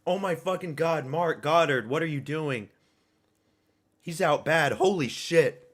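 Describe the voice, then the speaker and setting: A man reacting live to a fight at a watch party, excitable and profane, erupting into shouts. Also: fairly high pitch, unhurried.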